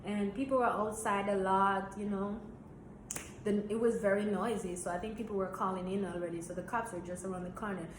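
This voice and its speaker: A young woman from Jamaica, telling a story in a blunt, animated, swearing way. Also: medium pitch, a little fast. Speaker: vlogger. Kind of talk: storytime vlog. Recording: roomy echo, faint hiss.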